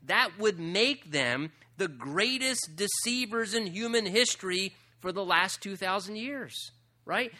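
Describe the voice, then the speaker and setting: A male pastor delivers a sermon in a voice that sits high, driving his points home with rhetorical questions. His volume swings between loud stretches and soft ones.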